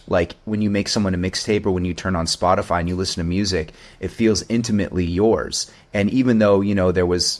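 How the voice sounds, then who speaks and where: Low-voiced male composer, thoughtful and rambling, casual interview talk. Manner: reflective, meandering with many restarts. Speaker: video game composer. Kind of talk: conversational interview.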